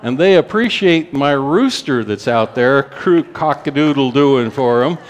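A man, telling a testimony story in a sermon in a folksy way, rushing through some runs and slowing for emphasis. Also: medium pitch, expressive.

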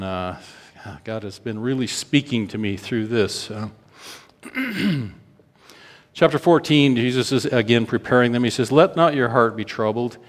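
A man preaching a sermon, reading scripture aloud with slow, drawn-out emphasis and lively swings in delivery. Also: on the low side. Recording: long hall reverb.

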